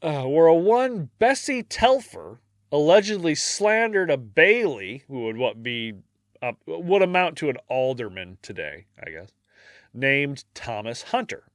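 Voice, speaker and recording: Man, podcast co-host, casual jokey storytelling, acts out scenes, animated pitch, dry close mic. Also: measured pace, no room sound. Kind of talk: casual history podcast chat.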